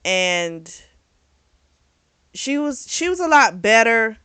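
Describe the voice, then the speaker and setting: A woman reviewing a book in casual chat, retelling the plot in a chatty, animated way. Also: on the high side, takes it slowly, clear, resonant tone, no echo. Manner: chatty, animated retelling with acted quotes and laughs.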